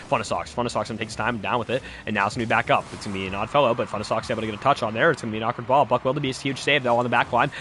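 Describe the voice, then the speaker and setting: Fast, bright young man calling a match. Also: medium pitch, slight background noise. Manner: rapid, repetitive play-by-play with jokey asides. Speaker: esports caster. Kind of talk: live play-by-play commentary.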